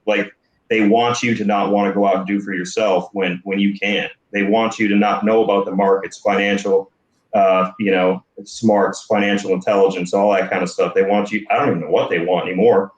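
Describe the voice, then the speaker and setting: Man, panelist, rambling, hesitant restarts, low-ish voice, echoey room. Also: lo-fi sound. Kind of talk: casual debate. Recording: roomy echo.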